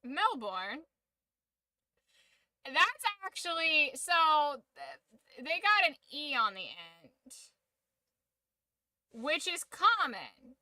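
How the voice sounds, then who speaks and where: A woman's voice: high voice, sing-song, extremely slow, pushed and bright, no room sound. A woman streaming a game, chatting casually with rambling, joking, opinionated asides. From United States. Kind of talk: casual chat while gaming on stream.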